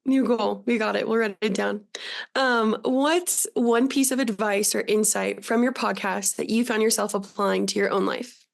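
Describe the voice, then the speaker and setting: A woman's voice: medium pitch, steady tone, normal speed, creaky. A woman co-host asking the host questions in a casual, friendly and affirming way. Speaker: podcast co-host interviewer. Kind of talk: casual interview.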